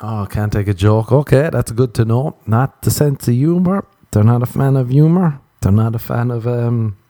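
A man's voice: medium pitch, moderate pace, dark tone, no echo. A man talking in a casual comedic monologue, rambling and self-mocking, swearing constantly as he drifts between asides.

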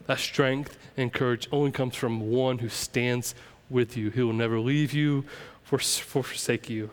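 A man's voice: mid-range voice, steady tone, a little slow. A young adult man, preaching a sermon emphatically as pastor. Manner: emphatic, preaching with rising intensity.

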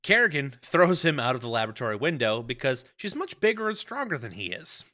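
A man co-hosting a podcast, recapping a film in casual chat and acting out characters in quick impressions. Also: mid-range voice, big pitch swings, pushed and bright.

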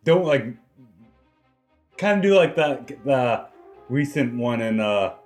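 A man co-hosting a casual podcast, speaking in a halting, hesitant way. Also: medium pitch, lively intonation, a little mellow, soft background music. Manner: hesitant, halting speech with fillers. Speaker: podcast co-host.

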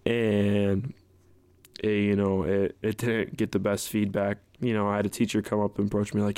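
A man's voice: fairly low pitch, monotone, moderate pace, gravelly, warm tone, no echo. A young man hosting a podcast, telling a personal story in a casual, rambling way, full of fillers and restarts. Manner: rambling, many fillers like "you know" and "like". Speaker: podcast host.

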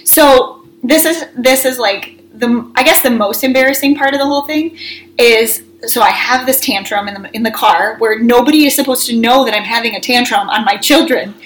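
A woman co-hosting a casual chat, telling animated stories and acting out her own yelling. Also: fairly high pitch, moderate pace, a little hiss or hum, poor audio. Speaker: co-host.

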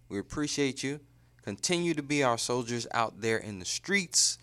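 A man's voice: medium pitch, expressive, moderate pace, bright, forceful tone, clean tone. Man earnestly signing off a podcast. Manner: earnest, hype-man sign-off. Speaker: podcast host. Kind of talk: podcast outro address.

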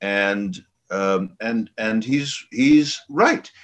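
A man's voice: lowish voice, extremely slow, fairly bright tone. An earnest man joins a group discussion of a scripture passage. He speaks with emphasis, leaning on the words he wants to stress. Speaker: Torah study discussant.

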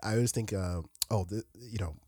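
A man's voice: fairly low pitch, brisk, darkish tone, slightly rough, no room sound, studio quality. A man co-hosting a podcast, chatting casually and with enthusiasm about a film, laughing and swearing. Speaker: podcast co-host.

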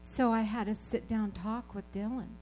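A woman preaching a sermon, telling personal stories in an animated, emphatic way and repeating her key phrases. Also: medium pitch, normal speed, slight background noise, poor audio.

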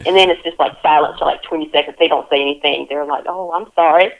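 A woman's voice: low-pitched, fairly even intonation, fast, vocal fry, muffled recording, a crowd in the background. A woman interviewing someone over the phone, playful and teasing, laughing often.

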